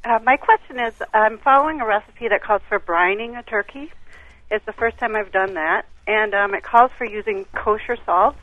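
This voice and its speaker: A woman's voice: medium pitch, normal speed, dry recording. A woman calls in to a radio show with an earnest, careful question. Her voice comes over a tinny, phone-like line. The sound is dry and close. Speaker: caller.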